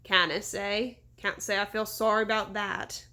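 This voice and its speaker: Brief: cheeky rogue in a cell, slow, wry, slightly lowered, read by a woman. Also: sharp tone. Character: roguish young Englishman in jail, smirking.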